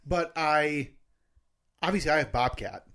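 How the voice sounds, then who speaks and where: Male podcast co-host, bright voice, playful banter, laughs easily. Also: on the high side. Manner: joking, laughs often. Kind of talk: casual chat.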